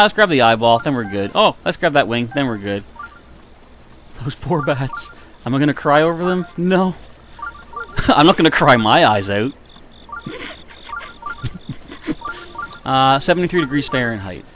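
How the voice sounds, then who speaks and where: A man's voice: medium pitch, sing-song, measured pace, long pauses, noisy background. A man streaming a video game live, chatting casually with viewers in a self-mocking way, with a slightly nasal voice. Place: warm room indoors.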